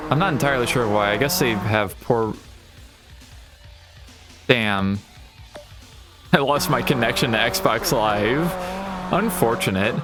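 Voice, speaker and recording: A man talks casually through a game playthrough, thinking out loud and tossing in wry asides. His voice sits at a middle pitch. Loud game music plays behind him. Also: takes it slowly, long pauses. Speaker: gaming channel host. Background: racing game sounds and music.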